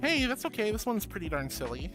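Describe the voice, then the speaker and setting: A woman's voice: mid-range voice, big pitch swings, fast talker, fairly bright tone. A woman streamer chatting casually and reading viewer comments aloud, bubbly, giggly and affectionate. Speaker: streamer host. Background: background music.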